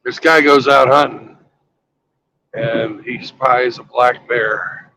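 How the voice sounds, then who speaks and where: Traveling by road, a man tells a crude joke amid casual vlog chatter, speaking slowly in a steady, medium-pitched voice. His loose, unpolished rambling sits over a faint hiss.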